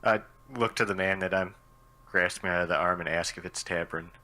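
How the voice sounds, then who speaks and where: A man's voice: sits low, fairly even intonation, fairly quick, bright, forceful tone. A man playing a tabletop game over online voice chat, dry and matter-of-fact. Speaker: player.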